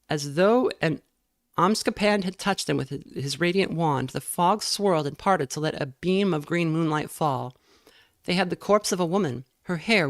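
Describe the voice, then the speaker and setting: A woman reading a novel aloud in a measured way, now and then stumbling and correcting herself. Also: low voice, no room sound, clean studio sound. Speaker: reader.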